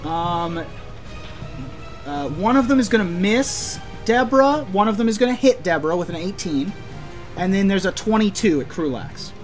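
A game master narrating a tabletop game in a relaxed, chatty way with frequent fillers. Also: medium pitch, moderate pace, soft background music.

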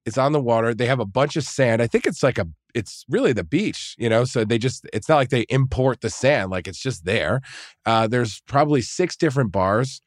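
A man's voice: mid-range voice, animated, normal speed, no room sound, clean studio sound. A man casually telling a long, profane story, full of fillers and restarts. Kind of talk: casual chat.

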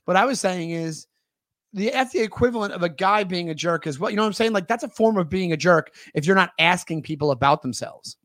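A man's voice: sits high, expressive, a little fast, a bit bright, no echo, clean studio sound. A man in casual conversation, chatty and full of advice, acting out little quoted lines as he talks. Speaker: podcast co-host. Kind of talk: casual chat.

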